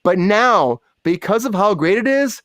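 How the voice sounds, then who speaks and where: A man's voice: sits high, expressive, a little slow, fairly bright tone, no echo, studio quality. A man hosting a live entertainment news chat, talking casually and putting questions to his co-hosts. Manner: conversational, asks questions, repeats himself. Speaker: host.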